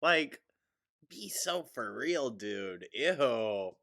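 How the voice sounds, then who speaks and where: A man's voice: mid-range voice, sing-song, extremely slow, bright, forceful tone. A man hosting a mocking reaction commentary, sarcastic and snarky, often breaking into laughter. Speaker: commentary host.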